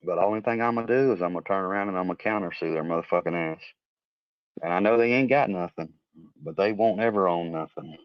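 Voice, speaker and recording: A man's voice: low-pitched, quick pace, no room sound. A man in a casual chat, heated and rambling, swearing a lot as he vents. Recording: dry, dull lo-fi audio.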